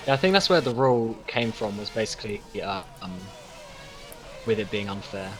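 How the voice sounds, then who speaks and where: A man's voice: lowish voice, animated, brisk, a bit bright, soft background music. A man co-commentating a live race, speaking hesitantly with many fillers. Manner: hesitant, many ums and uhs. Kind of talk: live sim racing commentary.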